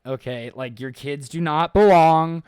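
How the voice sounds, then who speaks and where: A man's voice: on the high side, a little slow, clean tone, no room sound, clean studio sound. A young man co-hosting a casual podcast, swearing often and acting out quotes as he tells stories. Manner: profane, animated storytelling with loud acted-out quotes. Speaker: podcast co-host. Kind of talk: casual chat.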